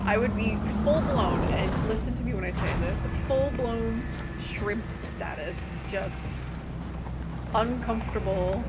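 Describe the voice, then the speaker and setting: A young woman streaming a video game, chatting casually, laughing often and breaking into excitable outbursts. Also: mid-range voice, very noisy. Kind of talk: casual livestream chat while gaming.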